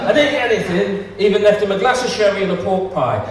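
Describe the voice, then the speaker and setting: A man doing stand-up comedy, lively and laughing through his punchlines. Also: sits high. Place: comedy club stage. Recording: distant echoey hall with noise.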